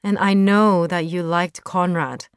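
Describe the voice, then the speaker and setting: A woman voicing a gentle, hopeful teenage boy, speaking softly and earnestly in a storybook reading. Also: on the low side, fairly even intonation, measured pace, smooth, no room sound, clean studio sound, lightly acted. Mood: pleading.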